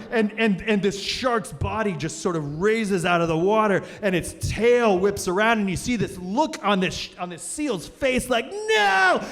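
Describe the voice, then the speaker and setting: Animated male storyteller in a reverberant hall. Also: high voice. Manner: animated, vivid, repeats and restarts. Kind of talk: live stage storytelling. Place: cultural center hall, on stage.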